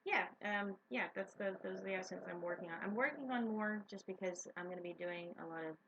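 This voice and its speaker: A woman co-hosting a casual chat, rambling with many pauses and fillers. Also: mid-range voice, fairly bright tone, a little hiss or hum. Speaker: co-owner of a role-playing stream. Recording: dull lo-fi stream audio.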